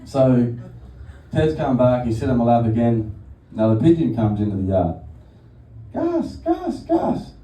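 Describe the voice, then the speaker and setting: On a comedy club stage, a stand-up comedian tells crude, rambling stories and keeps cracking up with laughter. His voice is medium-pitched and dark-toned, delivered at a moderate pace. The mic sits far away, so the room sounds echoey and noisy.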